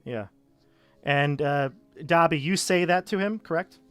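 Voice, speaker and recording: A man narrating as game master of a tabletop game, casual and halting with many fillers. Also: on the high side, clean tone, soft background music.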